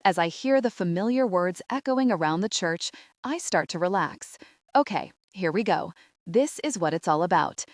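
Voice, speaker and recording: Female audiobook narrator, first person; animated and exasperated, low-ish, dry. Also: normal speed, no room sound.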